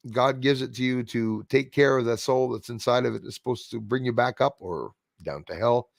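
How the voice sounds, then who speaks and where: A man's voice: mid-range voice, moderate pace, vocal fry, no room sound, studio quality. A man hosting a casual livestream chat, rambling and reading out viewer comments. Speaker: livestream host.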